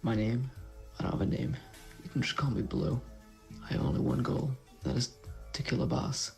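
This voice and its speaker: A man voicing an edgy, nameless young fighter in a fan-made animated series, in a forced, gravelly tough-guy voice. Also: mid-range voice, normal speed, lightly acted. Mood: brooding. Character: edgy nameless male fighter, brooding and cold. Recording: played over loud music.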